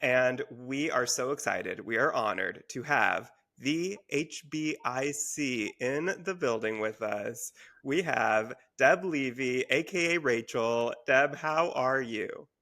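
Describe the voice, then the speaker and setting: A male podcast co-host greets his guest and asks easy, encouraging questions. He speaks at an unhurried, slow pace. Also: mid-range voice, animated, bright, forceful tone. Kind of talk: casual interview chat.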